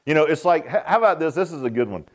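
A man's voice: fairly high pitch, animated, very fast. A man preaching a sermon, folksy and joking, often asking the congregation questions. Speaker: pastor.

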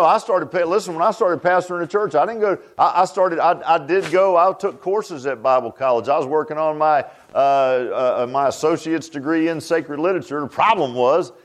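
Man, pastor, folksy sermon, rhetorical questions, repeats himself, somewhat high voice. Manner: repetitive, laughs at his own jokes.

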